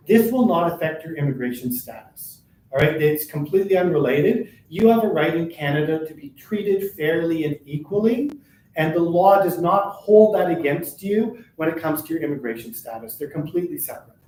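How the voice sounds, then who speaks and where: In a chamber of commerce meeting room, an older man presents a live workshop on behalf of a workers' advocacy centre, speaking rapidly in a somewhat high, expressive voice with a darkish tone. He keeps listeners along by asking "right?" and "all right?" A room mic at a distance captures him amid echo and faint underlying noise.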